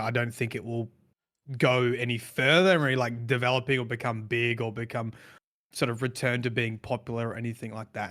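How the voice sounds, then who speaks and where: A man co-hosting a casual gaming podcast, musing at length in a reflective, wandering way. His pitch sits in the middle, and he often restarts his sentences as he thinks. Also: a bit bright. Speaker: podcast co-host.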